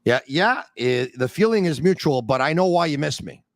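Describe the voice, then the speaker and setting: On his hockey podcast, the host sounds animated, his voice on the high side at a moderate pace. He reads ads and speaks straight to listeners with emphatic energy, in a recording free of echo.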